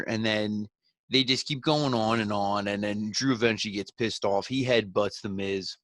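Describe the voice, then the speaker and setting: A man hosting a podcast, giving a relaxed, rambling, conversational recap of a wrestling show. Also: fairly low pitch, normal speed, dry recording, clean studio sound. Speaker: podcast host.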